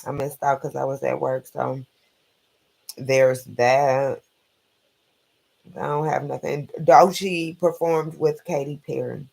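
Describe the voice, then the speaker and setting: A man's voice: medium pitch, flat delivery, slow, creaky, pauses often, darkish tone. A man hosting a casual late-night live stream, rambling bluntly and profanely through his opinions.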